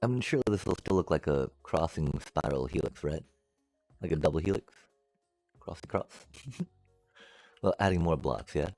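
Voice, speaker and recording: A man streaming a building game, musing aloud to his chat in a relaxed way and making playful beep-boop noises as he works. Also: rumbling low, a little fast, dry recording, faint music behind. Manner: chatty, musing aloud, makes beep-boop sound effects. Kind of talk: casual gameplay commentary to live chat.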